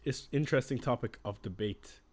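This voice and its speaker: A young man hosts a casual live stream, talking loosely and answering viewers' questions as they come in. His voice sits at an ordinary middle pitch for a man. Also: a little fast, a little hiss or hum. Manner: chatty, reacting to viewer questions.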